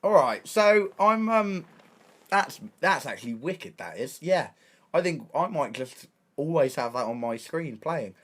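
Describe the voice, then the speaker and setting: A young man with an English accent tells a story on his stream, excitable and full of slang. He keeps restarting his sentences as he goes. His voice sits a little high and moves a lot. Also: unhurried. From England. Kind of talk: casual storytelling.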